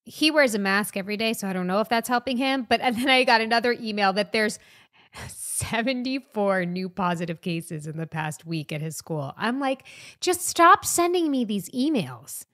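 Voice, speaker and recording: A woman's voice: medium pitch, fairly quick, a bit bright. A woman co-hosting a podcast in casual chat, venting in an exasperated way. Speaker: podcast co-host.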